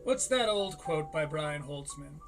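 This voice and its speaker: A man's voice: fairly high pitch, expressive, measured pace, over music. A man hosting a live-streamed comedy commentary show, talking casually and sarcastically with a lot of swearing and frequent laughs. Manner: profane, sarcastic, laughs often, slips into mocking voices.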